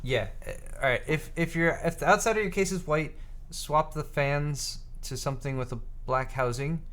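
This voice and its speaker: A man's voice: a little high, normal speed, a bit bright. A young man co-hosting a live computer hardware show, chatting casually, giving advice and teasing his co-host. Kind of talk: casual live-stream banter.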